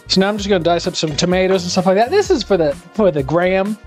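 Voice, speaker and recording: Cooking live on stream in his home kitchen, a man talks at a quick pace with few pauses, his voice sitting high. His casual chatter is rambling, sarcastic and animated, set against faint music.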